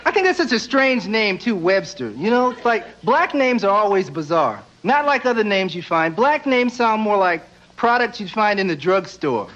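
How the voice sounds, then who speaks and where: A young man doing stand-up comedy with wry, deadpan asides, acting out the people he talks about. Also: high voice, moderate pace. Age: young adult. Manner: wry, deadpan asides, acts out quoted characters. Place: stage before a live audience. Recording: dull lo-fi TV broadcast, loud crowd and noise.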